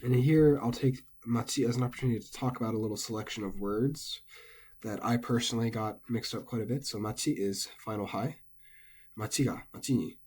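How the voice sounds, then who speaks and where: A man casually and methodically explaining Japanese pitch accent word by word as a language teacher. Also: fairly quick, darkish tone, husky.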